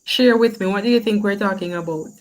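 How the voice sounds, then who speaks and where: A woman's voice: medium pitch, rough recording. A woman teaching a grammar lesson, asking questions and praising the class often. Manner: slow, encouraging, asks questions and praises.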